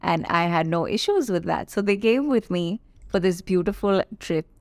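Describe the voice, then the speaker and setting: Chatty young woman from India, low voice. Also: darkish tone, smooth, dry recording. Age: 20s. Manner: chatty and confiding, playful asides. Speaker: podcast host. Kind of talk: casual solo podcast chat.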